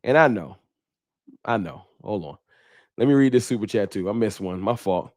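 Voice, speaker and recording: A man hosting a fan livestream, talking trash in a preachy, animated way and reading viewer chats aloud. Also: fairly low pitch, moderate pace. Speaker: sports fan show host.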